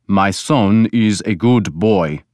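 Male narrator as anxious farmer father; earnest pleading, low and unhurried, storybook. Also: no room sound, studio quality, lightly acted. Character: anxious older farmer pleading for his son.

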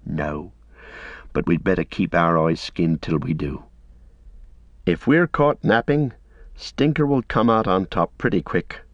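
A man's voice: low voice, measured pace, long pauses, no room sound. A man voicing a loyal, plain-spoken young servant hobbit with a homely, earnest manner, in a dull lo-fi recording. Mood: tender. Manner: homely, earnest, a bit gruff.

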